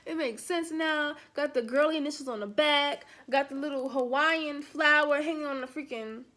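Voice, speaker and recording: Woman, young adult, high voice, casual storytime vlog, animated, acts out dialogue. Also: moderate pace, hardly any pauses. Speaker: vlogger.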